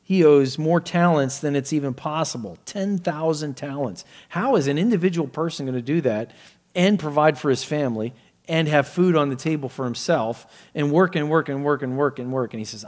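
A male pastor preaching a sermon, explaining scripture verse by verse and acting out the quoted pleas with sudden rises in pitch and volume. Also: animated, moderate pace, darkish tone.

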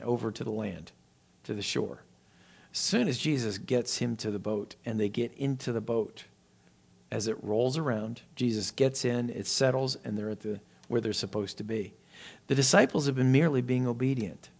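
A man preaching a sermon, acting out Bible characters with lifted voice and dropping to a hush for emphasis. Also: creaky. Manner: expressive preaching, voicing Bible characters with rising pitch and volume; drops to a soft hush for emphasis. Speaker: pastor.

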